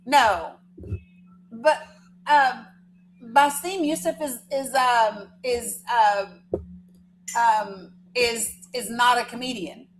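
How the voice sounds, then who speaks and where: A woman's voice: on the high side, drawn-out words, long pauses, slight background noise, low-quality recording. A woman hosting a livestream, telling a story in a rambling, chatty way and teasing her viewers, with the odd swear word. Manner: casual swearing. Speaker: livestream host. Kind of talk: casual storytelling to a live chat.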